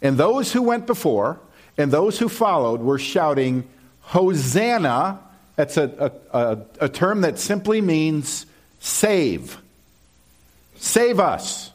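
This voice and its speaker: A man preaching a sermon, reading scripture and explaining it conversationally, often checking in with "okay?". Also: slow pace. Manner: animated, lively pitch swings when quoting. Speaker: pastor.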